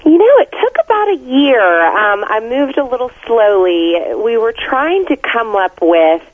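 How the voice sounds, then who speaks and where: A woman's voice: on the high side, sing-song, unhurried. A woman author being interviewed, talking in an upbeat, enthusiastic, chatty way. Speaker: author and guest. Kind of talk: interview over the phone. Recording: tinny phone line.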